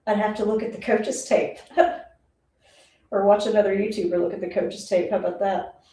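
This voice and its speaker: A woman talking through a live football game as a streamer, chatty and rambling and often laughing. Her voice is mellow and a little dark. It sits away from the mic in an echoey room. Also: mid-range voice, steady tone, moderate pace, a little hiss or hum. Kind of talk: casual live play-by-play reaction. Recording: roomy, distant mic.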